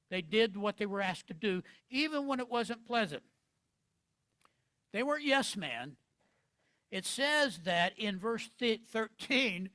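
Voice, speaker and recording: A man preaching a sermon as pastor, animated, acting out quoted lines with big swings in loudness. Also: high voice, no echo.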